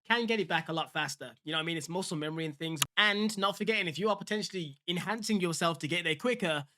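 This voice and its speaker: A man's voice: fairly high pitch, quick pace, background noise. A man giving casual, opinionated reaction commentary on a fitness vlog, speaking straight to his viewers. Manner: chatty, opinionated, addresses viewers directly. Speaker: fitness vlogger reacting to a clip.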